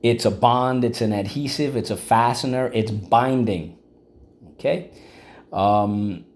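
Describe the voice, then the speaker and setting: A male teacher giving a vocabulary and phonics lesson, encouraging and checking in often with the class. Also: on the low side. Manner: encouraging, checks in with frequent "okay?".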